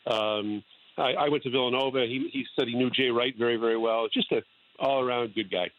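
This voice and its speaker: An older man phones in to a talk show and tells a small story at an easy pace, pausing on fillers. His voice comes through a narrow, tinny phone line. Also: medium pitch, dry recording. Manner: plain, slightly halting, with fillers. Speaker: caller.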